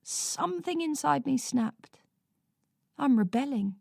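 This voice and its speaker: A woman reading a first-person thriller audiobook in a measured, dry storytelling manner. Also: sits high, expressive, vocal fry, darkish tone, no room sound. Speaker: audiobook narrator.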